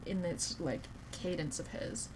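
A woman's voice: fairly low pitch, measured pace, background noise. A woman co-hosting a podcast, chatting casually about a book and laughing often as an eager fan. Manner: giggly, gushing fan. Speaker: podcast co-host. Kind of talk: casual book-club chat.

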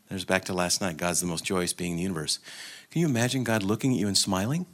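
Low-voiced man giving a relaxed sermon talk. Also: quick pace. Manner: conversational, with fillers and restarts. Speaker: speaker at a retreat gathering. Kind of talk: informal reflective sermon talk.

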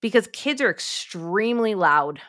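As a podcast guest, a mom coach talks at a measured pace in a medium-pitched voice. Her style is emphatic and direct; she refers to listeners as "my friends" and performs the thoughts she quotes in lively voices.

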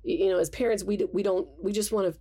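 A woman's voice: mid-range voice, steady tone, racing, mellow. A woman guest psychologist explaining thoughtfully in conversation, with light laughs. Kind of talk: conversational expert interview.

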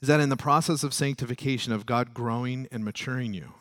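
A male pastor preaching a sermon, climbing loud and high when stirred, then dropping low and soft, and acting out prayers and quoted voices. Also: fast talker, no room sound, studio quality.

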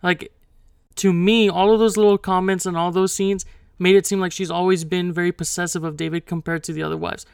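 A man's voice: sits high, flat delivery, a little fast, gravelly, clear, resonant tone, dry recording, clean studio sound. A young man co-hosting a podcast, talking things through in a hesitant way, restarting often and laughing off tension. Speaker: podcast co-host. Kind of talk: heated casual discussion.

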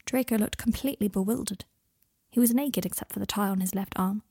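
Brief: woman storyteller, husky, unhurried, dry close recording. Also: medium pitch, darkish tone, no echo. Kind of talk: fan fiction narration.

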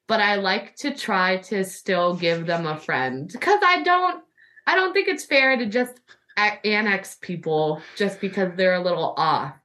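A woman's voice: medium pitch, a bit bright, distant mic. A young adult woman hosting a podcast, telling a story in casual chat and filling it with "like" and quoted back-and-forth. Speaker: podcast host.

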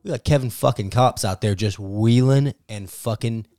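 A man in his thirties co-hosting a casual sports podcast, bantering with animated, profane enthusiasm. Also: mid-range voice, moderate pace, no echo, clean studio sound. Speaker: podcast co-host.

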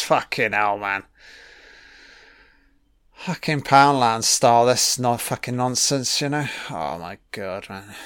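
With a mid-range, fairly bright and clean voice, a man casually riffs on a movie, sneering at what's on screen and swearing heavily throughout. It's a studio-quality recording with no echo.

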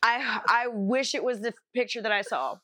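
With a voice on the high side and a sharp tone, a young woman speaks at normal speed as a podcast co-host. She rambles through a casual story, full of fillers and cursing.

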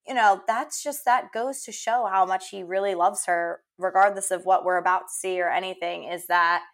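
A woman's voice: mid-range voice, fairly even intonation, normal speed. A young woman co-hosting a podcast, giving earnest opinions full of "like" and "honestly" with emphatic reactions. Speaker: podcast co-host. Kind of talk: casual recap chat.

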